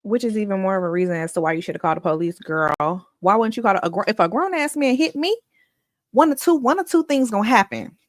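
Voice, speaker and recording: A woman's voice: mid-range voice, lively intonation, fast, no room sound, clean studio sound. A woman vlogger gives casual reaction commentary, talking back to the clip with sassy asides.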